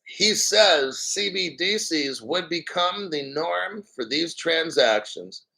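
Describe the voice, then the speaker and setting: A man hosting a crypto video talks in a forceful, bright, somewhat high voice. He reads a news article and keeps cutting in with hyped, boastful reactions. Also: lively intonation, takes it slowly, gravelly, rough recording. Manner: hyped, boastful, laughing often. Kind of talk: excited commentary reading an article.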